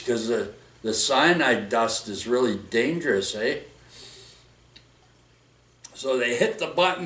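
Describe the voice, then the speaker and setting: A man's voice: medium pitch, a bit bright. A man telling a long work story casually, rambling with restarts and constant "right?" and "eh?" tags. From Canada. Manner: rambling, full of restarts and tag questions like "right?" and "eh?". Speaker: vlog storyteller. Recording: roomy echo, voice distant from mic.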